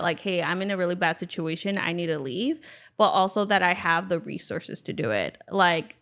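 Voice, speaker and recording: Young female podcast guest, smooth voice, loose chatty delivery. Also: mid-range voice. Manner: relaxed, many "like" fillers. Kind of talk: casual interview answers. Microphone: studio microphone.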